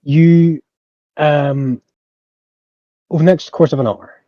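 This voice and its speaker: A man running a tabletop game as game master, calmly sorting out rules and dice rolls. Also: on the high side, slow, no echo, muffled recording. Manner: calm, clarifies rules and rolls.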